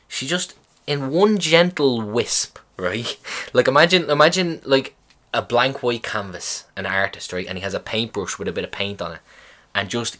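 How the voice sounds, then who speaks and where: A young man casually retelling a hospital visit, swearing and rambling, animated in the telling. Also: medium pitch. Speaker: vlogger. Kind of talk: casual storytelling chat.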